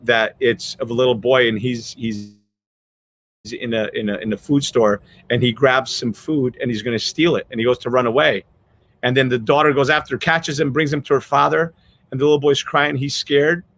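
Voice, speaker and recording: An earnest male podcast host tells a story in a loose, rambling way, restarting his sentences often. He sounds choked up. His voice sits at an ordinary middle pitch. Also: fairly even intonation, normal speed, a bit bright. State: choked up with emotion. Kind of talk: casual storytelling chat.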